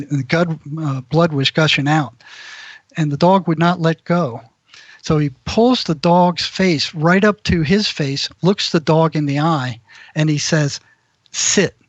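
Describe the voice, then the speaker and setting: Man, interview guest, rambling storyteller, fairly high voice, dry lo-fi audio. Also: dry recording. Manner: rambling storyteller who acts out quoted voices. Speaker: guest, mental health practitioner.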